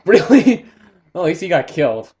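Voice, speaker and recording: A young man giving casual, excitable commentary while playing a shooter game, swearing and joking. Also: on the high side, normal speed, muffled recording. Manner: excitable, swearing, jokey outbursts. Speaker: gaming commentator.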